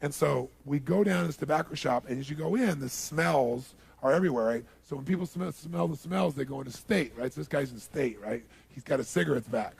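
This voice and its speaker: A man giving a seminar talk, telling a story and acting out the scenes, sometimes bursting into shouts. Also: fairly high pitch, a little fast, creaky, few pauses, slightly rough. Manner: animated, swings to shouting while acting out scenes. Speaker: motivational speaker.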